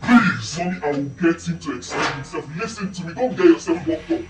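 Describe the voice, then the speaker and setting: An earnest young royal son pleads and soothes, played by a man. His voice sits fairly high and moves with lively rises and falls. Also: brisk, echoey room, far from the mic, music in the background, natural voice, low-quality recording. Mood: pleading. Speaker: film actor. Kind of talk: film drama acting.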